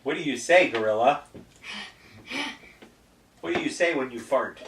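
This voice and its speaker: A woman's voice: very deep voice, animated, unhurried. A woman playing a pretend game with a small child, coaxing and patient in a playful way. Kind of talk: home video play with a toddler. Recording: roomy home video, distant mic, noisy.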